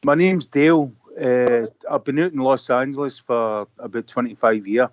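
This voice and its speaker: A man's voice: mid-range voice, normal speed, no room sound. A Glaswegian man in his fifties calling in over a computer, chatting casually and rambling with many fillers. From Scotland. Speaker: caller. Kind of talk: casual phone-in chat. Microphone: computer call. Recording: dull lo-fi call line.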